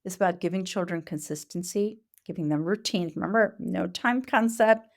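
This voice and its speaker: A woman speaks at a conference as a Montessori educator, with a voice that sits a little low for a woman. She explains earnestly and patiently. She often pauses and uses fillers as she works through her points. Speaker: Montessori educator giving a talk. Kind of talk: conference talk.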